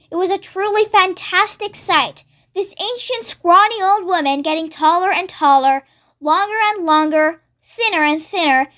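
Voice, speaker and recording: A read-along narrator with a very high voice reads a children's story aloud steadily and expressively, then signs off to viewers.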